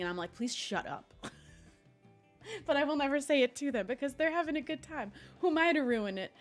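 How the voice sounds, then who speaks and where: A young adult woman streaming live, chatting casually and rambling, laughing often between complaints. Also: a little high.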